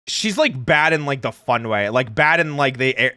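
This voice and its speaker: A man hosting a live stream, chatting casually while reacting to a video, animated and quick to laugh. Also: medium pitch, no echo, studio quality. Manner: animated, laughs easily, says "like" often. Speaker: streamer host.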